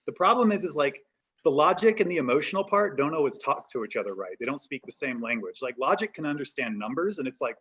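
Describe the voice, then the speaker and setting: A man's voice: on the high side, lively intonation, quick pace, fairly bright tone, slightly rough. A man doing a stand-up comedy set over a video call, rambling and self-deprecating, with a lot of "like" fillers. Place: home set-up on a live stream.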